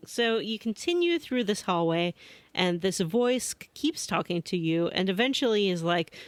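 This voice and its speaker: A woman co-hosting a casual gaming podcast, telling her playthrough as an animated storyteller who slips into mock voices for the characters. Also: mid-range voice, moderate pace, no echo. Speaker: podcast co-host.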